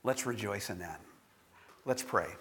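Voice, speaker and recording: Animated, bright-voiced male pastor. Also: on the low side, a little slow, a little hiss or hum. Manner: animated storytelling with laughs, then hushed prayer. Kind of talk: sermon with personal story and closing prayer.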